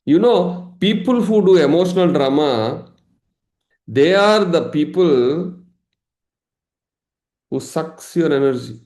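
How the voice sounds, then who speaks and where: A man teaching a live online session as a meditation coach, lively, acting out everyday examples and laughing. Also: a little high, takes it slowly, long pauses, reverberant. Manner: animated, acts out examples, laughs often.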